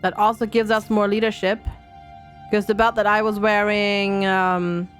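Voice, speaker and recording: A woman's voice: mid-range voice, flat delivery, a little slow, clear, resonant tone, soft background music. A young woman streaming a game, chatting and thinking aloud to her viewers. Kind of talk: casual game commentary.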